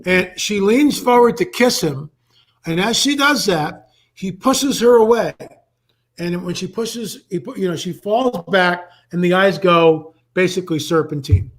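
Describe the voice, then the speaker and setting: An older man speaks over a remote call as a guest researcher. His voice sits fairly high for a man. He tells his story with animation and acts out the quoted voices as he goes. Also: a little slow, poor audio. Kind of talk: storytelling in a live online interview.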